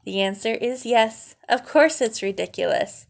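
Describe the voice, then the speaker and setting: A woman reading a children's novel aloud, her voice sitting a bit high. She tells the story with an expressive, lilting cadence, leaning into key words. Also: measured pace, creaky. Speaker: narrator.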